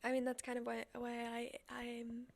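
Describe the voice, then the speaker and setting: A woman guesting on a casual podcast, speaking softly and hesitantly, often trailing off. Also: a little high, completely flat delivery, normal speed, creaky. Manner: soft-spoken, hesitant, trailing off.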